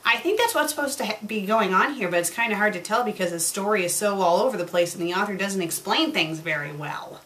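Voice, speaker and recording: A woman's voice: medium pitch, expressive, quick pace, hardly any pauses, a bit bright, slight background noise. Sarcastic woman picking apart a story. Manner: sarcastic, exasperated. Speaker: fan fiction reviewer. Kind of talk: reading aloud with critical commentary.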